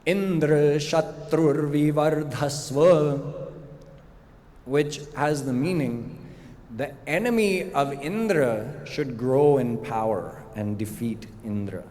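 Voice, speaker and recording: A middle-aged man giving a devotional lecture as a spiritual teacher, explaining slowly and deliberately with rhetorical questions. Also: medium pitch, expressive, darkish tone. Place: large hall at a live retreat. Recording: long hall reverb, faint room ambience.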